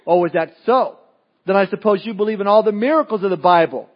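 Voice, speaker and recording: A man voicing a mocking older male intellectual who sarcastically challenges a young believer, in a high voice on a dull, lo-fi recording. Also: fast talker.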